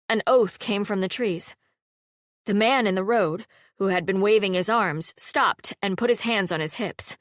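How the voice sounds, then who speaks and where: A woman narrates a fantasy audiobook in a steady, wry storytelling voice at a middle pitch. Her close mic picks up a dry studio sound with no room echo. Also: unhurried. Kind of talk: scripted narration.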